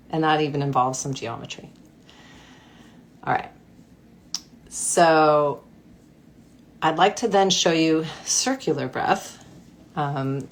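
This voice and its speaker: A woman coach guiding a breathwork practice in a gentle, playful way. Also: deep voice, slight background noise. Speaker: mindfulness coach. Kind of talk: guided breathwork instruction.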